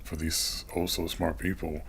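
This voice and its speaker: A man with a very low, deep voice chats casually as a podcast co-host. He explains his opinions at length in a relaxed way. A faint hiss of noise sits under the recording. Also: unhurried. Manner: relaxed, explains at length, frequent agreeing murmurs. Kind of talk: casual movie discussion.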